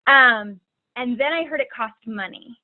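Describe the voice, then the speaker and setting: A woman tells her own story as a guest speaker, chatty and loose, leaning on filler words. Her voice sits a bit high and comes through thin, as if over a phone line. The sound is dry with no room around it. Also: a little slow, no echo. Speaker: guest speaker, fitness coach. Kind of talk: personal testimony talk.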